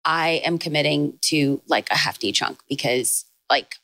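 Lively storytelling woman, lower voice. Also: no echo. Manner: storytelling, fast bursts with excited rises in quoted lines. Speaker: podcast guest, author and speaker. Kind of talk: casual chat.

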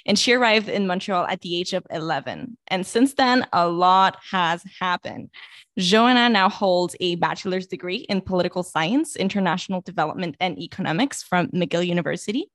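A woman's voice: fairly low pitch, animated, moderate pace, a bit bright, no room sound, studio quality. A woman co-hosting a podcast, chatty and bubbly, often laughing at herself as she introduces guests. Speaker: podcast co-host. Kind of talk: casual podcast chat.

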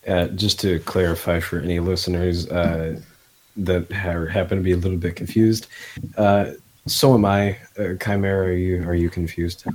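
A man with a Midwestern accent speaks in a very low voice, hosting a laid-back podcast conversation. He hesitates often and fills his pauses with ums and uhs. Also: little pitch movement. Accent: Midwestern American. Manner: hesitant, many fillers. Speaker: podcast host. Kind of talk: casual podcast chat.

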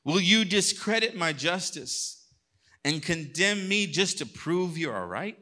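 A male pastor preaching a sermon, reading scripture aloud and acting out God's lines, moving between hushed passages and loud bursts. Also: high voice, expressive, unhurried.

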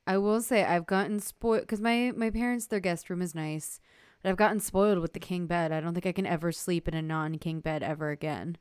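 A woman's voice: lowish voice, fairly even intonation, brisk, darkish tone, clean tone, no echo. A woman co-hosting a podcast, chatting casually with dry, joking asides. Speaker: podcast co-host. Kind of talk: casual chat.

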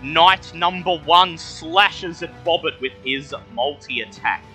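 A man running a tabletop game as dungeon master, slowly narrating the action with occasional laughs. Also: a little high, bright, forceful tone, faint music behind. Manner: slow, descriptive narration with laughs.

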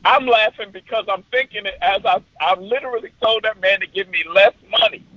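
A man's voice: high voice, brisk, bright, forceful tone, no room sound, rough recording. A middle-aged man, a comedian guest on a podcast, telling a story with energy and acting out other people's voices.

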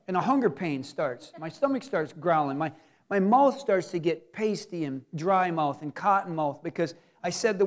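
A man with a high voice preaches a lively sermon. He plays out people's inner thoughts in quick asides. His talk is pastoral and animated.

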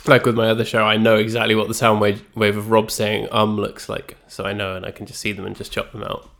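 A man hosting and editing a podcast, chatting casually with dry, deadpan jokes. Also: on the low side, quick pace, gravelly. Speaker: podcast host and editor. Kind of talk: casual chat.

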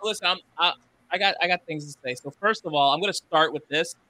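A man's voice: a little high, quick pace, sharp tone. A man co-hosting a podcast, giving a rambling, hesitant review full of fillers. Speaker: podcast co-host.

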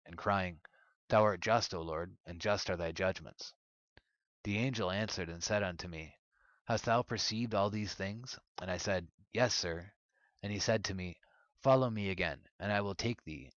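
Deep-voiced man in a solemn reading. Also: a bit bright, dry recording, lo-fi sound. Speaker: narrator. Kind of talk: scripted reading of an ancient religious text.

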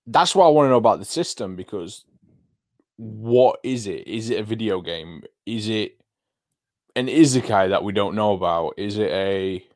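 A man's voice: on the low side, a little mellow. Eager man musing in casual chat.

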